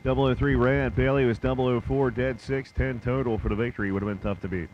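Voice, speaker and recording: Guy reading drag race times and racer intros, steady, mid voice, faint noise behind. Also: medium pitch, lo-fi sound. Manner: steady stat-reading, quick to laugh. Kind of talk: casual race commentary.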